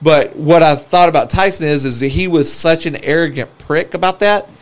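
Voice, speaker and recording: A man's voice: a little high, normal speed. A man from the American South co-hosting a casual reaction chat, blunt and swearing freely as he tells stories. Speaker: podcast co-host.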